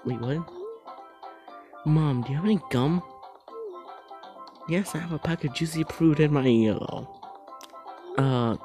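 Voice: mid-range voice, slow pace, pauses often, over music. A creator who reads funny texts aloud, laughing often and apologizing for it. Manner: laughs often while reading. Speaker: video creator.

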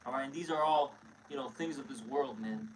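A man's voice: medium pitch, brisk, a little hiss or hum. A man teaching scripture in a blunt, emphatic way, often calling listeners "man", recorded from a distance.

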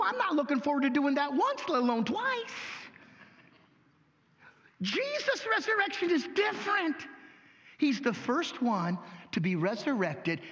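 Folksy pastor guy preaching, very high voice, bouncy pitch. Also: in a large hall. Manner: animated, folksy, rhetorical questions. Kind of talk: sermon.

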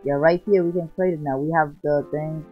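A man hosting his gaming channel, giving casual, rambling commentary over his gameplay and often exclaiming with excitement. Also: on the high side, brisk. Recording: dull lo-fi sound. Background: faint background music.

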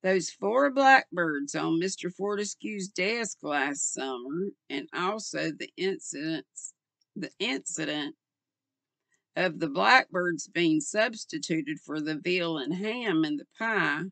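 An older woman voicing a male police inspector who questions quietly and pleasantly, read slowly with a gravelly tone. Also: lowish voice, expressive, no room sound, heavily acted. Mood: probing.

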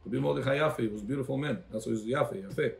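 Rabbi guy teaching a torah class, gravelly voice, keeps quizzing people by name. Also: medium pitch, rapid-fire. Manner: calls on listeners by name, quizzes them; switches between English and Hebrew phrases.

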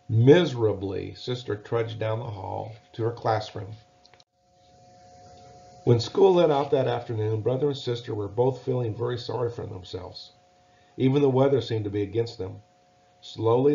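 Man, storybook narrator, gentle and measured, gravelly, low voice, dull lo-fi sound. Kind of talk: storybook reading. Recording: dull lo-fi recording.

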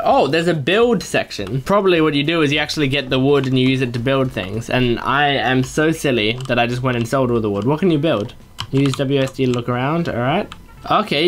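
A man doing Let's Play commentary at his computer, chatting to himself and breaking into excited high yelps. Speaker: gaming YouTuber.

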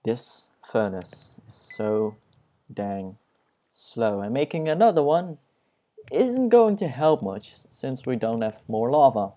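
A young man giving casual, self-mocking commentary while he plays a video game, dropping puns in a flat tone. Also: mid-range voice, slow. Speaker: Let's Play gamer.

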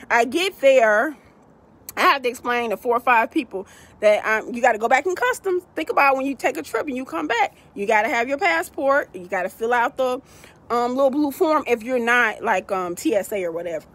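Animated high-voiced woman vlogging. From United States. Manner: animated, addresses viewers as y'all, acts out quoted people. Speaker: vlogger telling a travel story. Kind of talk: casual storytelling to viewers.

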